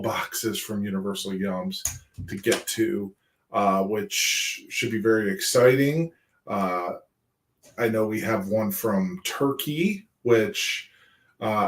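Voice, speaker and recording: A man co-hosting a casual chat, rambling along with many fillers. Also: on the low side. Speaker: co-host. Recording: echoey room sound.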